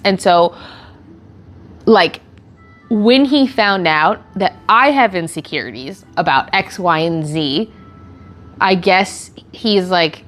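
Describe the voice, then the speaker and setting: A young woman streamer chatting casually with her chat and telling an animated story, full of laughter and filler words. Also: on the high side, a little slow. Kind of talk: casual chat answering chat questions.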